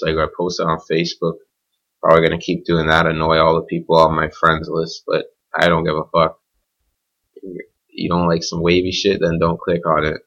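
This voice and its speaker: This podcast host's voice is low and creaky yet fairly bright as he launches into an unscripted, rambling rant alone, blunt and profane throughout. The sound is that of a dull lo-fi home setup.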